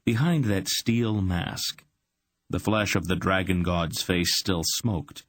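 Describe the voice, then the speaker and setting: A man narrates a fantasy novel with steady, unhurried reading. His voice is deep and husky and moves slowly. It is recorded dry and close. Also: dry recording. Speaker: audiobook narrator. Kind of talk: scripted narration.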